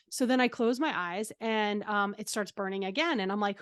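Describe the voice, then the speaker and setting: A woman guest on an interview show telling a personal story in a chatty, animated way, laughing often and filling pauses with ums. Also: mid-range voice, smooth, no echo. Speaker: guest, transformational coach.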